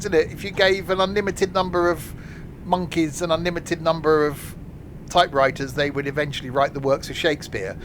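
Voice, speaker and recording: A man's voice: fairly high pitch, brisk. A man live-streaming a train simulator, joking and laughing as he chats with viewers. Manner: jokey, chatty, laughs often, answers chat. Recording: steady noise under the voice.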